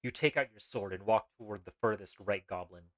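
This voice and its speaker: Low-voiced rambling streamer man. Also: fairly quick, dry recording, highs cut off. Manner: rambling asides with laughs and restarts. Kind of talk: live-streamed text adventure, reading and commenting.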